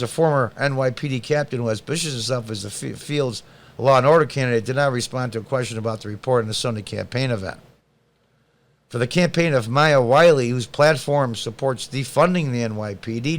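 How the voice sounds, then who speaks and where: A man hosting a podcast, reading news items aloud and answering them with blunt, sarcastic, combative political commentary. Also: medium pitch. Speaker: podcast host.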